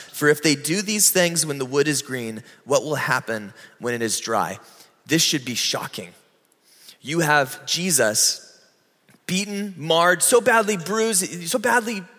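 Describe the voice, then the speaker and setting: A man preaching a sermon in a conversational way, slowing down and lifting his voice to stress key moments. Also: on the high side, sharp tone, in a large hall. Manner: conversational preaching, slows and rises for emphasis. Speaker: pastor.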